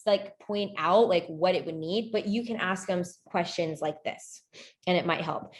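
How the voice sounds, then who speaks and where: A woman's voice: medium pitch, a little mellow. A woman admissions consultant giving a casual talk to a group, chatty and full of fillers and restarts.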